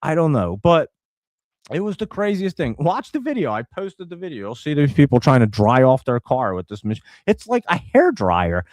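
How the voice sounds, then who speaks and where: A middle-aged man, host of a live show, telling a long story to viewers in a casual, animated way and laughing now and then. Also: fairly high pitch, normal speed, no room sound.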